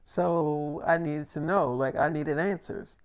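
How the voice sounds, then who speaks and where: Man putting on blunt young woman, impatient, exasperated, a bit high. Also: fairly even intonation, slow pace, smooth. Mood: insistent.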